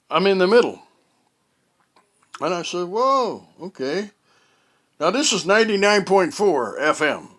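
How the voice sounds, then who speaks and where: A man tells a story in a casual monologue from his home. His voice sits a little high and he speaks slowly. He halts often, filling gaps with fillers and starting phrases over. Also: fairly bright tone. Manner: rambling and halting, with many fillers and restarts. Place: at home, indoors.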